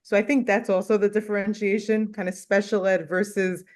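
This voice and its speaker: Fast-talking woman teacher. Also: little pitch movement, darkish tone. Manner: fast, high-energy talker. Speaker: special education teacher. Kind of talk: casual meeting conversation.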